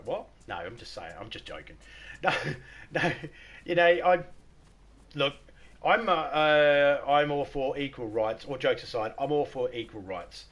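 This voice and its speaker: A man's voice: mid-range voice, animated, measured pace, fairly bright tone. A middle-aged Australian man chatting casually on a live stream, joking, swearing and laughing often.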